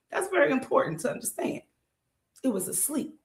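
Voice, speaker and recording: A woman's voice: sits high, sing-song, fairly quick. A woman hosting a podcast and retelling a story as casual commentary, emphatic and colloquial, often stopping to ask the listener rhetorical questions. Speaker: podcast host. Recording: roomy echo.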